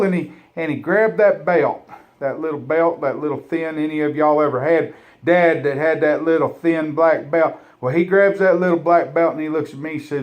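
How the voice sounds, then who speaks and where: A man's voice: fairly high pitch, lo-fi sound. Rambling man spinning a yarn. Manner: drawling, rambling, halting restarts. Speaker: storyteller. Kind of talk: humorous folksy storytelling.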